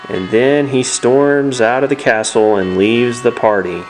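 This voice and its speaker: A man's voice: medium pitch, fairly even intonation, a little slow, few pauses, soft background music. Casual man narrating a game playthrough. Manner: reads dialogue aloud with casual asides. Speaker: let's play host. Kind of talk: let's play narration.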